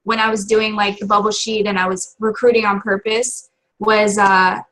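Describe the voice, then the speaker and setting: A woman guest on a team call, telling her experience with lively acted-out quotes. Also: mid-range voice, normal speed, low-quality recording. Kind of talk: casual chat sharing experience.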